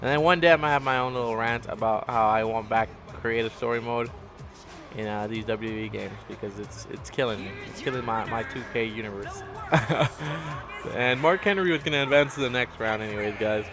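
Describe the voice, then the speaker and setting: A man's voice: medium pitch, a little fast, over music. Man ranting bluntly to camera. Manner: blunt and profane, talking in bursts. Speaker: gaming and wrestling vlogger. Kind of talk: casual rant.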